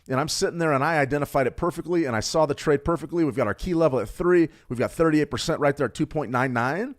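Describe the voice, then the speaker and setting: A man's voice: fairly high pitch, quick pace. A middle-aged man coaching traders in a live workshop, blunt and emphatic, repeating points for stress. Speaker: trading coach.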